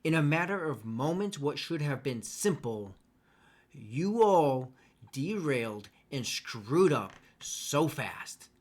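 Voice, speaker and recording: A man voicing a calm woman captive who speaks steadily and coolly challenges the people threatening her. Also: fairly high pitch, slow pace, heavily acted. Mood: cold, taunting.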